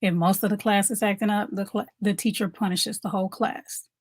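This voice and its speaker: A woman's voice: mid-range voice, fairly even intonation, fairly quick, dry recording. Dry-sounding woman coaching fellow moms. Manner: conversational, repeats key points, asks viewers questions. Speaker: mom coach. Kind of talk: motivational talk to camera.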